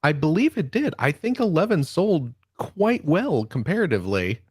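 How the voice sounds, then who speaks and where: A man's voice: a little high, very animated, moderate pace, breathy edge, no room sound, clean studio sound. A man co-hosting a casual podcast, joking around and hedging his opinions. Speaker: podcast co-host. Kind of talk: casual chat.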